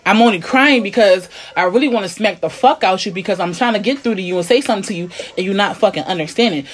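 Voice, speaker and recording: A woman's voice: fast, slight background noise. Woman, casual conversation, blunt and profane, emphatic. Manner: drops to a low, quiet tone to make a point. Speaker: conversation partner. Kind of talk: casual chat.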